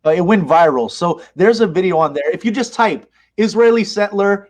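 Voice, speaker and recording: Impassioned man, fairly high voice. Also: normal speed. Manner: impassioned, emphatic, animated retelling. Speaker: interview guest, mosque leader. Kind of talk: conversational interview.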